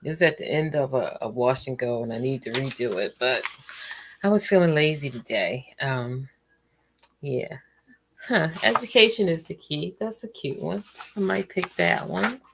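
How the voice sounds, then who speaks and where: Low-voiced woman rambling through a cozy stream. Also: expressive, moderate pace, vocal fry, background noise. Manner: rambling and chatty, trails off with fillers. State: tired and yawning. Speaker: host of a relaxing stream. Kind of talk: casual livestream chat.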